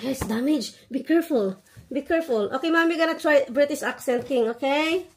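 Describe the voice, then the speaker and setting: A woman's voice: high-pitched, a little fast, noisy background. A mother from the Philippines with an Ilonggo Filipino accent, vlogging at home at night while coaxing her son to read his book, mixing languages. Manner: code-switches, coaxing and upbeat with her child.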